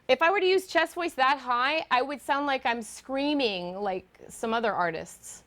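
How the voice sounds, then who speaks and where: Higher-pitched woman voice coach, animated lecture style with quick sung demos. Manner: animated, demonstrates sung notes. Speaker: guest voice teacher. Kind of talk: lecture to a choir.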